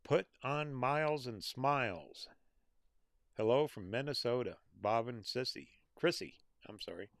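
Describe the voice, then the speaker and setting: A man's voice: medium pitch, lively intonation, a little slow, fairly bright tone, no echo, studio quality. A middle-aged American man hosting a casual livestream, reading out viewer names and comments in an easygoing, folksy way. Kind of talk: casual live chat.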